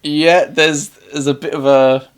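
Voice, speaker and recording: A man's voice: fairly high pitch, little pitch movement, measured pace, clear, resonant tone. A man co-hosting a casual film review, chatty and joking, acting out scenes with quoted lines. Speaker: podcast co-host.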